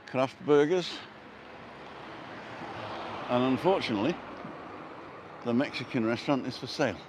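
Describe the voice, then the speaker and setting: A man with an English accent strolls down a street, pointing out shops and throwing in wry jokes. He speaks at a medium pitch. Faint passing traffic sits behind his voice. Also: moderate pace, darkish tone. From England. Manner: chatty, jokey, chuckles at his own quips. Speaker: vlogger. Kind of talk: casual walking tour commentary. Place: outdoors on a street.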